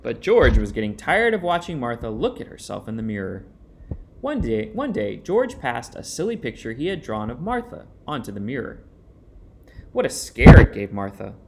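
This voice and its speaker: A man narrating a children's storybook in an expressive, sing-song read-aloud manner. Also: mid-range voice, normal speed, a little hiss or hum.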